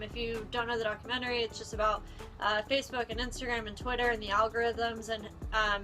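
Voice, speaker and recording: Bright-voiced chatty young woman. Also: a little high. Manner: chatty, sarcastic, lots of "like". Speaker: vlogger. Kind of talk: casual storytime.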